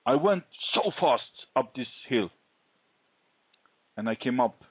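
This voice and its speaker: A man sharing a faith testimony in an interview, telling his story earnestly and deliberately. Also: mid-range voice, animated, breathy edge, no echo. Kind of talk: conversational interview, personal testimony. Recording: dull lo-fi recording.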